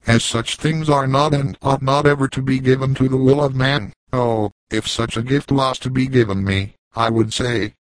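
A man voicing an old frontier trapper, grave and kindly, who speaks in slow, measured, formal old-fashioned sentences. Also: medium pitch, no echo, lightly acted, low-quality recording. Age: older.

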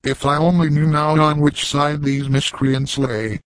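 A man's voice: fairly high pitch, level tone, measured pace, no room sound, natural voice, low-quality recording. A man voicing a grim, solemn old frontier trapper who speaks in weighty, archaic phrases. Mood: grave warning. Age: older.

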